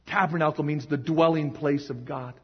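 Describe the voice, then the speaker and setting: An emotional preacher with a high, husky voice delivers a sermon. He swings between quiet reflection and loud, emphatic shouts. His voice echoes through a long hall on a muffled, lo-fi recording. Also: steady tone, normal speed. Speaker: pastor. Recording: echoey hall, dull lo-fi sound.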